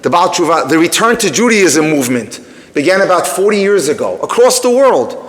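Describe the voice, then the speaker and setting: A man teaching through a story to a live audience, animated, breaking off to speak to the room. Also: fairly high pitch, fairly quick. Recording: long reverb of a hall.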